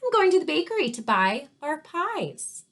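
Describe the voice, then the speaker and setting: A woman's voice: high voice, sing-song, moderate pace, fairly bright tone, voice pushed up, full character voice. A woman reading the lines of a fibbing husband in a storybook, in a stubborn, matter-of-fact way. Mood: plain. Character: fibbing husband afraid to admit a mistake.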